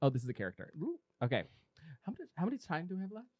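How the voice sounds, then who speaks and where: A man hosting a podcast in casual chat, playful and quick to laugh. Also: fairly high pitch, huge pitch swings, darkish tone, no echo. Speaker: podcast host. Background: hip hop beat.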